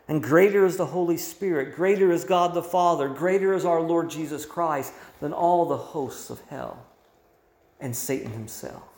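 A man's voice: fairly high pitch, vocal fry, darkish tone. A male pastor preaching a sermon with emphatic delivery, his voice swelling and dropping. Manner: emphatic preaching with rising and falling volume. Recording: roomy echo.

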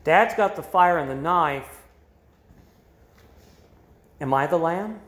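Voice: medium pitch, fairly bright tone. Emphatic preacher in a roomy hall. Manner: emphatic, deliberate teaching delivery. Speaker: pastor. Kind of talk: sermon.

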